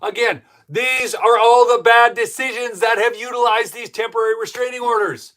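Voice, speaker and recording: A fired-up male host rants through a live political stream and keeps turning to his chat. His voice sits high for a man, and his indignation builds as he goes. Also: fairly even intonation, moderate pace, few pauses, fairly bright tone. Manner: heated and indignant, talks to the chat. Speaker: political commentary show host.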